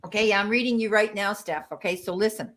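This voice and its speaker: A woman's voice: mid-range voice, fast, a little hiss or hum. An American woman hosting a live-stream tarot reading, reassuring and affectionate, calling listeners sweetheart and honey. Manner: warm, reassuring, calls viewers sweetheart and honey. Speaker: tarot reader and medium, live stream host.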